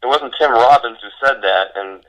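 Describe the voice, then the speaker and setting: A man's voice: mid-range voice, normal speed, a crowd in the background, low-quality recording. A man co-hosting a casual podcast, wry and teasing as he corrects the host.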